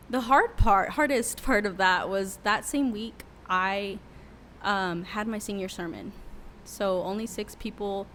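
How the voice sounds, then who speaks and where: A woman's voice: medium pitch, fairly bright tone, slight background noise. A young adult woman, a worship leader who is a podcast guest, telling a candid, emotional story with many fillers in a casual interview.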